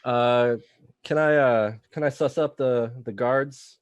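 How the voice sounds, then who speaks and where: A man's voice: mid-range voice, steady tone, takes it slowly, clean tone, no room sound. A man playing a tabletop game, asking questions in a hesitant way. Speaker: player.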